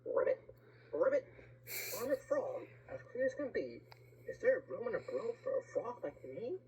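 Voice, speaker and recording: A woman voicing an eager little frog from a picture book, croaking loudly. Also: fairly high pitch, very animated, normal speed, a little hiss or hum, rough recording.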